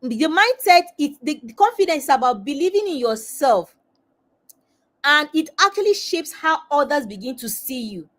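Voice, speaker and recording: A woman's voice: high-pitched, very animated, normal speed, a bit bright. A woman hosting a live webinar as a confidence coach, talking straight to her viewers and repeating phrases for emphasis.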